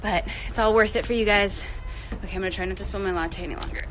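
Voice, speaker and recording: A woman's voice: medium pitch, fairly even intonation, quick pace, over loud music, low-quality recording. A woman hosting a casual livestream outdoors by the trailers on a film set, out of breath, bubbly and rambling, talking into a phone held at arm's length. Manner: bubbly, rambling, laughs often.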